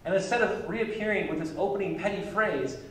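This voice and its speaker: Chuckling lightly between points, a male pastor delivers a relaxed, conversational sermon in a church sanctuary. His high-pitched voice is fairly bright and fairly quick. The recording, from a far-off mic, is echoey, with a little hiss or hum.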